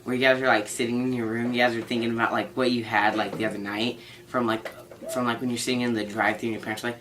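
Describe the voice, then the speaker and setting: A man's voice: mid-range voice, little pitch movement, fast, fairly bright tone, a little hiss or hum, rough recording. A teenage boy telling a story in a casual vlog, rambling with lots of "like" and a playful tone. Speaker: vlogger.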